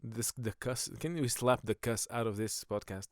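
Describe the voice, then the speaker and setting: A man's voice: mid-range voice, moderate pace, no room sound, studio quality, close to an everyday voice. A man voicing God as an exasperated, baffled creator who blusters and swears.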